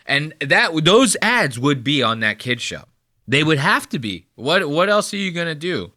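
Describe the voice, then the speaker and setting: A man's voice: on the high side, big pitch swings, measured pace, sharp tone, dry recording, studio quality. A man in his thirties from New Jersey, casually ranting and cursing in sarcastic reaction commentary. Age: 30s. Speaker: commentary host.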